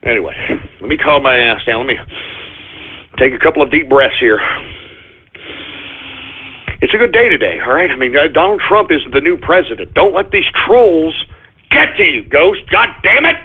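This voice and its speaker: Man, radio host, high husky voice, rants then forces calm, muffled lo-fi sound. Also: normal speed, long pauses. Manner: swings between shouting at trolls and forced calm. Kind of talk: call-in radio rant. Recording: lo-fi internet radio audio.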